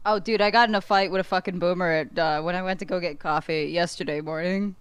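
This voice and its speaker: A woman's voice: lowish voice, fairly even intonation, quick pace, smooth, no echo. A young adult woman, a podcast guest, talking bluntly and profanely in casual chat and laughing often.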